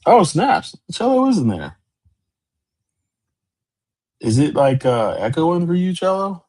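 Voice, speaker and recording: A man's voice: fairly high pitch, takes it slowly. A man in his forties hosting a podcast, chatting loosely and rambling on a live stream. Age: 40s. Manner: loose, rambling, animated greetings. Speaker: podcast host. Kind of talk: casual livestream chat.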